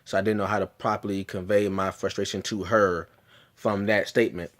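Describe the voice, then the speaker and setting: A man's voice: on the low side, level tone, brisk, fairly bright tone. A man vlogging a personal story in an earnest, emphatic way, often restarting and repeating himself.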